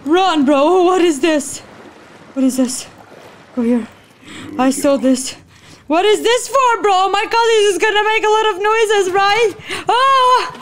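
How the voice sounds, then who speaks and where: A woman giving gameplay commentary, jumpy and swearing, gasping and yelling at the game as she plays. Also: very high voice, animated, measured pace. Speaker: gaming channel host. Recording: game sounds loud behind voice.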